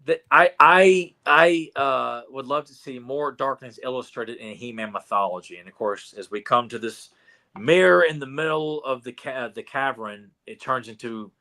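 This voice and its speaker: Bright-voiced man recapping a cartoon. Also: mid-range voice, moderate pace. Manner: animated, acts out quotes with many restarts. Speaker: podcast co-host. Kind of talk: casual chat recapping a cartoon.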